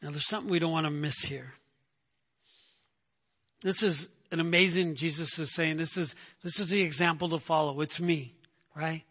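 Male pastor, bright, tenor-ish preaching voice, emphatic and conversational. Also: a little high, fairly even intonation, normal speed, long pauses, husky. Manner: emphatic, repeats "right?" to the congregation. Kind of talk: sermon.

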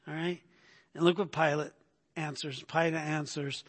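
A man's voice: on the high side, steady tone, a little slow, a bit bright, in a large hall. A man preaching an expository sermon in a conversational way, often checking in with his listeners by asking "right?". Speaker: pastor.

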